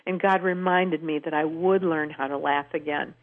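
A woman's voice: sits low, steady tone, moderate pace. An older woman telling stories earnestly as a guest on a phone-in radio interview. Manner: earnest, warmly emphatic storyteller. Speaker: guest speaker. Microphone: telephone. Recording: tinny phone line.

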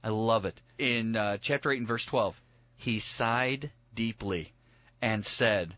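Animated man in a lively bible chat. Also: fairly low pitch, slow pace, dry recording, lo-fi sound. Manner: animated, acts out voices of biblical figures. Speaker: Bible study podcast co-host. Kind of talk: casual Bible discussion.

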